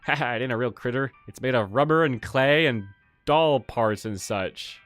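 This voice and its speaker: A man's voice: mid-range voice, moderate pace, fairly bright tone, no room sound, soft background music, lightly acted. A man voicing a male sideshow clown who is a prankster, folksy and gloating in his drawl.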